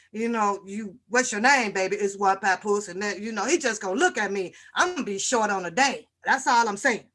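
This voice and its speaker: A woman's voice: high-pitched, pushed and bright. A woman hosting a casual livestream, greeting viewers one by one and joking in a brash, profane way. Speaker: livestream host.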